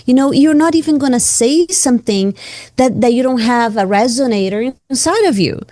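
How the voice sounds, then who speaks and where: Earnest woman co-host, higher voice. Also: normal speed, dry recording. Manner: earnest, reflective, expressive with laughs. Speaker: podcast co-host and coach. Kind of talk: casual conversational podcast.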